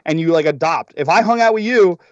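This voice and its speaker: A young man co-hosting a podcast, chatting casually in an animated way, swearing and acting out quotes. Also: on the high side, a little fast, dry recording, highs cut off.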